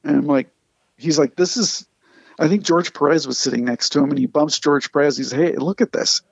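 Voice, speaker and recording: A man, a comic artist, telling animated anecdotes in casual conversation and acting out the people he quotes. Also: a little high, a little fast, gravelly, slightly rough, dry recording, highs cut off. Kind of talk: casual storytelling.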